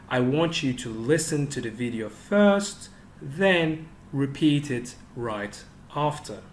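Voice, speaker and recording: A man teaching an online English lesson for young children, giving instructions slowly and clearly. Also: fairly high pitch, slight background noise. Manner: slow, clear instructional delivery.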